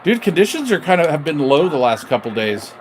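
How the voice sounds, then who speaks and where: A man's voice: on the high side, very animated, a little fast, crowd noise. A middle-aged man chatting on a live stream as he calls out on CB radio from his kitchen table, slangy and full of radio lingo. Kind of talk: casual live-stream chat over CB radio.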